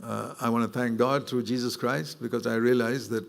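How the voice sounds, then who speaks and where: A man preaching a sermon in an earnest, conversational way, rising in pitch when he presses a point. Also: steady tone, moderate pace, creaky.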